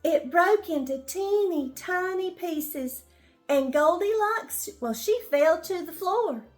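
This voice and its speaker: An older woman with an extremely high-pitched voice and lively intonation reads a children's bedtime story at a slow pace, with faint music in the background. Along the way she gently asks the listening children questions.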